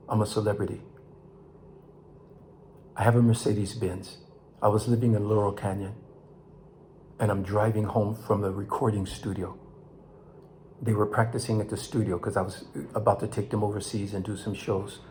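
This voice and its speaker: Impassioned older man, low voice. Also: slight background noise. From Los Angeles, California. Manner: impassioned, rising to near shouts then dropping low. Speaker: vlog host. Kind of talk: emotional monologue to camera.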